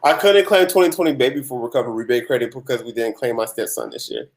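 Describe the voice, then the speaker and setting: A man's voice: medium pitch, very animated, fast talker. A young man, hosting a casual tax Q&A livestream, laid-back and sleepy, chatting with viewers between answers. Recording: echoey room.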